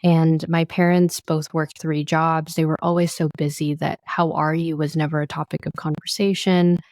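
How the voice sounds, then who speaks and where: Host: woman, slightly low voice, affirming, chatty, dry studio sound. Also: flat delivery, moderate pace, darkish tone, dry recording. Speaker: podcast host. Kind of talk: conversational interview hosting.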